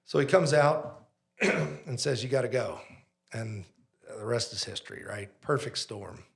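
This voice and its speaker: A man who owns a pizzeria, a guest on a podcast, telling a story in an animated way and acting out the dialogue. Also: mid-range voice, unhurried, creaky.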